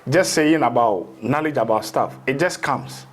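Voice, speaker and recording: A man's voice: mid-range voice, lively intonation, normal speed. A man, a spiritual teacher in a casual interview, rambling through explanations and slipping into local phrases.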